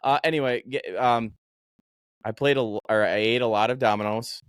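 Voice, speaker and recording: A man hosting a podcast, telling a story in an animated, profane, casual way. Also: medium pitch, moderate pace, clean tone, no echo, clean studio sound. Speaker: podcast host.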